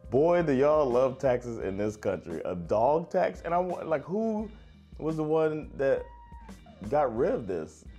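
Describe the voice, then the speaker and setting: An American man hosting a casual reaction video, talking in lively, rambling asides and laughing often. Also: medium pitch, measured pace, soft background music. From United States.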